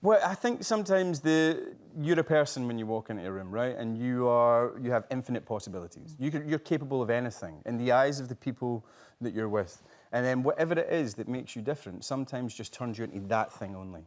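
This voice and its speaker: A Scottish man, a talk show guest, telling lively, salty stories and acting out quotes in a TV studio. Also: mid-range voice, fairly quick. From Scotland. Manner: lively storyteller, acts out quotes, swears, laughs often. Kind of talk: casual chat show anecdote. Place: TV studio with live audience.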